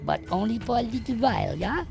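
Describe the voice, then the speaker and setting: A woman's voice: on the high side, lively intonation, brisk, gravelly, darkish tone, soft background music. A woman voicing a fussy, neurotic little male German gnome in an adventure game, with an exaggerated mock German accent and a fretful, flustered, sing-song manner.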